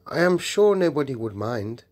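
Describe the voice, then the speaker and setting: A man's voice: medium pitch, very animated, normal speed, darkish tone, voice pushed up. A man reading an audiobook and voicing a sensible older schoolgirl in an earnest, reasonable manner.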